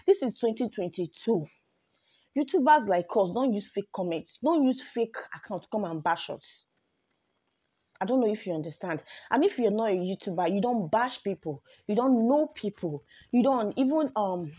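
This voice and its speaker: A woman's voice: mid-range voice, dark tone, husky. A young Nigerian woman vlogging to camera, mixing English with Pidgin and often saying "you know". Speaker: YouTuber. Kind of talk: ranting vlog to camera.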